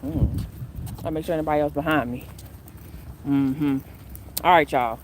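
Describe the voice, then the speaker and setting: A woman's voice: sits low, moderate pace, long pauses, background noise. A woman talking casually and animatedly to viewers as she walks outdoors, filming on a phone. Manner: chatty, animated, addresses viewers as y'all. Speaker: spiritual coach vlogger. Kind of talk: casual spiritual vlog talk.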